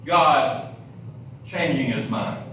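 A man's voice: mid-range voice, drawn-out words, bright, forceful tone, slight background noise. A man preaching a sermon, retelling scripture stories with dramatic emphasis. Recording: very echoey room, distant mic.

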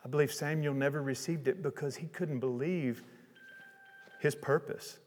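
A man preaching a sermon, retelling a Bible story in a casual, lively way with chatty asides. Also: on the high side, normal speed, in a large hall, faint music behind.

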